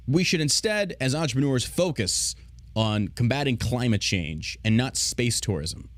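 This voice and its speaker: A man's voice: medium pitch, expressive, measured pace, dry recording. A man hosting a podcast, ranting in casual, profane, sarcastic commentary. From United States. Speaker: podcast host.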